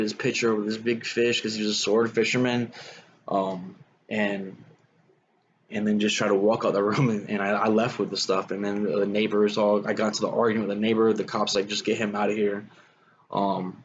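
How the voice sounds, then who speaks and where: Casual storyteller, young man, low flat voice, rambling with fillers, slightly dull recording with faint hiss. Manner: rambling, frequent fillers like "man" and "you know". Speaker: guest telling his life story.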